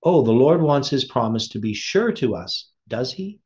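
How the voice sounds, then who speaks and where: Male preacher reading a sermon aloud with commentary, questioning his listeners, mid-pitched voice on a dull recording. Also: expressive, normal speed, darkish tone. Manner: asks the listeners rhetorical questions.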